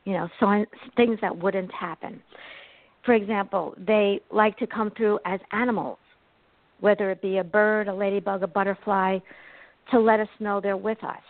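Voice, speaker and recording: A woman's voice: medium pitch, moderate pace, dry recording. A woman guest, a psychic medium, telling stories animatedly in an interview. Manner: animated, expressive storyteller. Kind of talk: interview storytelling. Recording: tinny phone-like line, dry.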